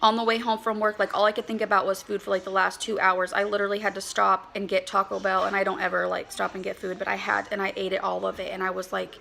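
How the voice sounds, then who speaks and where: A woman's voice: medium pitch, level tone, fast talker, creaky, hardly any pauses, sharp tone, low-quality recording. A woman in her thirties chatting casually to camera in a rambling way, full of fillers, slightly out of breath. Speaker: vlogger, mother of a large family.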